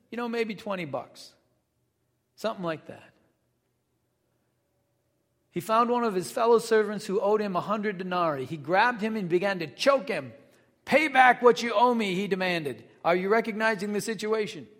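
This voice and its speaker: High-voiced man teaching scripture casually. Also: big-room sound. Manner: reads scripture then explains in loose conversational asides. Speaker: Bible teacher. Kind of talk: casual Bible study teaching.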